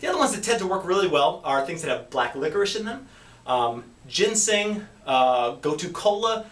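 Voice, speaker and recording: A man's voice: a little high, lively intonation, normal speed, a bit bright. A man, a doctor hosting a health series, giving a casual educational talk and acting out little quoted exchanges. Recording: echoey room, distant mic.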